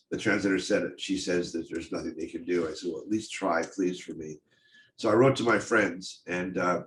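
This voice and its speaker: A middle-aged man, a photographer, telling a personal story in a casual, halting way with many ums and restarts. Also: low-pitched, slight background noise. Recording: roomy echo, faint background ambience.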